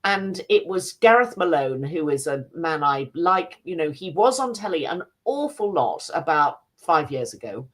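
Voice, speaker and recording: A British woman reviewing television on a radio show, talking in a measured, chatty way with frequent fillers. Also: low-pitched, big pitch swings. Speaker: film and TV critic. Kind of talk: casual review chat.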